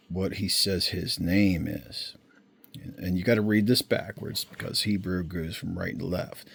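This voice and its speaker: A man giving an informal Bible lesson, explaining slowly and checking in often with his listeners. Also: sits low, gravelly, husky. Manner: slow, unhurried explaining with frequent check-ins. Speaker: Bible teacher. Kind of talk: informal screen-share teaching.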